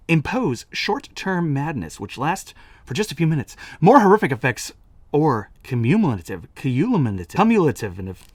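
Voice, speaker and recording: Guy doing a snarky movie review vlog, lively up-and-down voice, dry sound. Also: mid-range voice, no room sound. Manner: sarcastic, animated, laughs at his own jokes.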